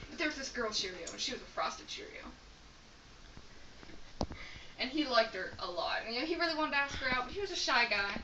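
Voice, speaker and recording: A woman's voice: sits high, highs cut off, background noise. A young woman telling a long, rambling joke to friends, in a chatty way with fillers. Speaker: joke teller. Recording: echoey room from far off.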